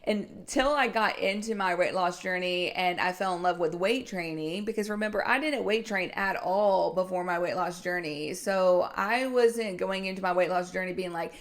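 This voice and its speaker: A woman's voice: on the low side, normal speed, hardly any pauses. Chatty, laughing young woman coach. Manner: chatty and candid, laughs often, self-deprecating asides. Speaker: health and weight loss coach, podcast host. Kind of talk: casual solo podcast monologue.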